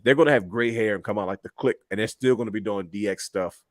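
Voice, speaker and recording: Casual male podcast co-host, lower voice, dry close mic, excitable storyteller. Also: fast talker, no room sound. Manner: animated storyteller, acts out quotes, laughs often. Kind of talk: casual wrestling chat.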